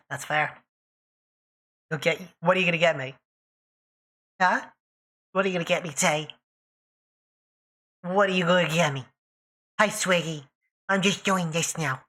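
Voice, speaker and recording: A woman's voice: fairly low pitch, measured pace, long pauses, fairly bright tone. A woman streaming live, chatting casually and teasing her viewers by name while she draws.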